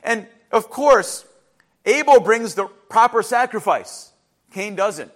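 A male pastor with a high voice, delivering a lively sermon. He talks animatedly and slips into acted-out voices for the people in his stories. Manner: animated, acts out biblical voices in quick asides.

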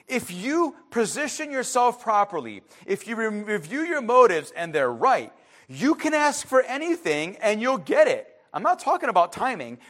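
A high-pitched man preaches a sermon as a pastor, speaking emphatically. His voice swings from loud outbursts to hushed asides.

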